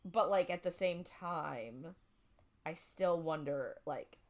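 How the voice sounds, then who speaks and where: A woman's voice: low voice, takes it slowly. A woman co-hosting a casual book podcast, retelling the plot in a rambling way full of "like" and "um". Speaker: podcast co-host.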